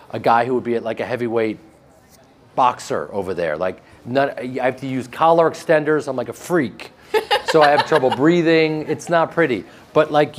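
A man with a flat Midwestern American accent, interviewed about his acting work, joking and self-deprecating with frequent restarts. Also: mid-range voice. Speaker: actor interviewed. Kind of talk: casual interview chat.

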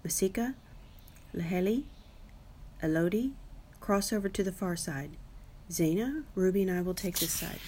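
A woman's voice: fairly low pitch, moderate pace, pauses often, slight background noise, natural voice. Woman voicing a commanding old elephant matriarch. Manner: firm, steady, motherly. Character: calm commanding old female elephant leader.

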